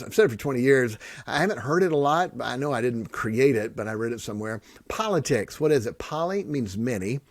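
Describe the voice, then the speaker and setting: A middle-aged man hosting a podcast, joking and sarcastic, swinging between loud bits and soft earnest talk. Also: mid-range voice, dry recording. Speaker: podcast host and pastor. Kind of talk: casual podcast monologue.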